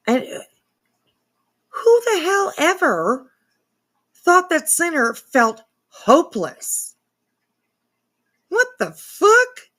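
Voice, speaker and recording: A woman with a fairly high, fairly bright voice hosts a commentary channel, reacting to clips. Her talk is casual, profane and incredulous, aimed at both her cat and her viewers.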